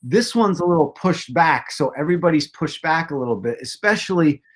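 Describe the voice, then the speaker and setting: A man's voice: fairly high pitch, animated, fairly quick. A man chatting about baseball, telling long rambling stories with self-deprecating jokes. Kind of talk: casual chat.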